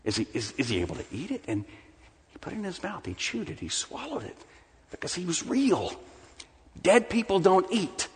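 A middle-aged man preaching a conversational sermon, with lively swings between emphatic passages and soft, hushed asides. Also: high-pitched, normal speed, long reverb tail. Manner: animated, conversational preaching with sudden drops to a soft hush. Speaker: pastor.

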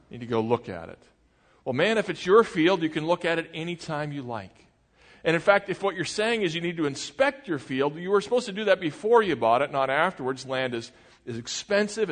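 A male pastor giving a sermon in a conversational way, asking the congregation questions as he goes. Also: a little high. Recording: long reverb of a large hall.

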